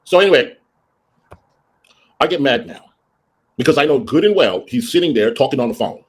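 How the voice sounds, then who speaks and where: A man's voice: moderate pace, breathy edge. A man telling a story casually on a livestream, ranting and acting out both sides of an argument. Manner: animated, rants and acts out both sides of arguments; greets viewers in a high sing-song voice. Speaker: livestream host.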